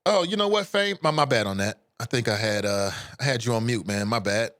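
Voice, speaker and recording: An American man hosts a live call-in radio show, bantering with listeners and reading their messages aloud. His talk is animated and loose, at a middling pitch. The mic is close and dry. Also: brisk, dry recording. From United States. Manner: animated, joking, turns emotional.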